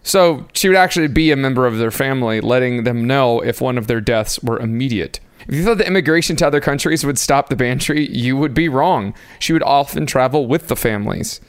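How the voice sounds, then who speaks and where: A man's voice: mid-range voice, lively intonation, a little fast, hardly any pauses, clear, resonant tone, no echo. A man co-hosting a podcast, reading out notes in casual chat with wry, self-deprecating asides. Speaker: podcast co-host.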